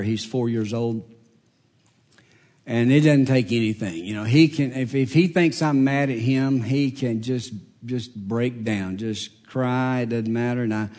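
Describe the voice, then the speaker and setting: Dramatic male preacher, loud to hushed. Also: mid-range voice. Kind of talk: sermon.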